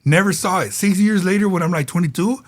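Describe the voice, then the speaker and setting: A man's voice: sits high, fast. A man co-hosting a podcast in casual, slangy chat, often acting out quotes. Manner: laid-back, slangy, often acts out quotes. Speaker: podcast co-host.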